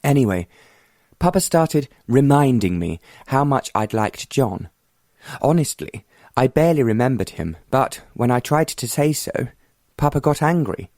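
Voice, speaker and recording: A man voicing a bold, determined young woman who speaks frankly and confidingly, in a mid-pitched voice with little room sound. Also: lively intonation, measured pace, a little mellow, dry recording, studio quality.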